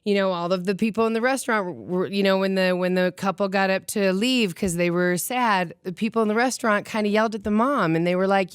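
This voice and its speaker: A middle-aged woman radio host from Colorado, talking in a chatty, animated way. She laughs often and acts out what people say. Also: medium pitch, brisk, smooth, no echo, studio quality. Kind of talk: casual chat.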